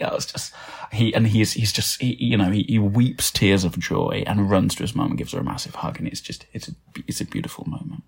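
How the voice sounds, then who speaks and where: A man's voice: lowish voice, fairly even intonation, moderate pace, gravelly, darkish tone, breathy edge. A man improvising a comic story, rambling with lots of fillers and restarts.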